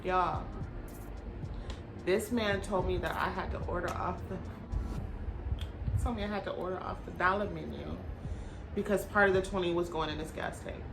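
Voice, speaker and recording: A woman vlogger telling a story to her camera, blunt and animated, with swearing and slang. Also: on the low side, moderate pace, creaky, pauses often, music in the background.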